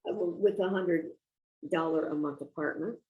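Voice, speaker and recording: Older female guest, gravelly tone, reflective and measured, casual conversational storytelling. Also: lowish voice, narrow, tinny audio, slight background noise. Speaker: guest author.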